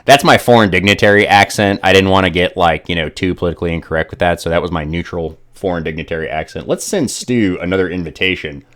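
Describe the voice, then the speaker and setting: A man's voice: low-pitched, fast talker, hardly any pauses, a bit bright. A man hosting a casual gaming live stream, joking and rambling with lots of fillers.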